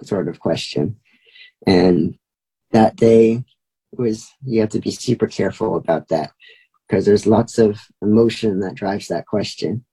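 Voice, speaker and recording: A man's voice: on the low side, measured pace, mellow, breathy edge, rough recording. A young man telling a story as a guest, chatty, with many fillers. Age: young adult. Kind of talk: casual storytelling.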